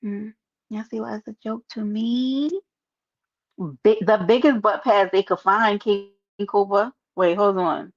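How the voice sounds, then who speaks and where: A woman with a New York accent hosts a casual livestream, chatting sassily and reading her chat aloud. Her medium-pitched voice is a little slow, and the stream audio is dull and lo-fi.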